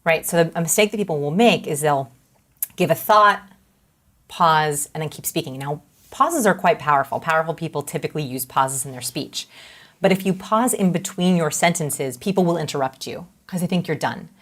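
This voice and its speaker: A woman with a slightly low voice speaks as a guest expert in an interview. She explains in a lively way, and she keeps slipping into little acted-out examples to make her points. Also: a little fast.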